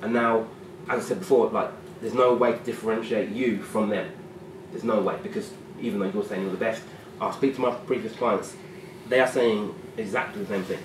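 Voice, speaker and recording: Low-voiced man speaking to a room. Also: fairly even intonation, fairly quick. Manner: rambling, repeats words. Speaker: seminar speaker. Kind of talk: live seminar talk. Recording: roomy, distant mic, faint noise.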